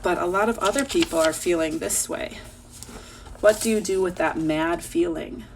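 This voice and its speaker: A young woman teacher reading aloud and talking gently to young children at home. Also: fairly low pitch, normal speed, noisy background.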